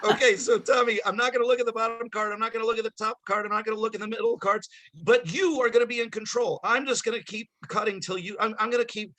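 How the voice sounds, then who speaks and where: Bright-voiced joking man on a video call. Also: high-pitched, quick pace. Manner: rambling self-deprecating jokes, excitable. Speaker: guest magician. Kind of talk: joking comedic patter over video call.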